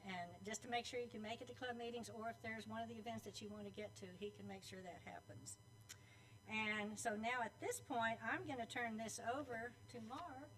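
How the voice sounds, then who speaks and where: A woman with a fairly high voice runs through announcements at a club meeting. She talks in a chatty, teasing way as she calls on members by name. A faint hum sits under her voice. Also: steady tone, brisk, fairly bright tone, recorded from a distance, low-quality recording. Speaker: club board member introducing teams. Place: meeting room at a club luncheon.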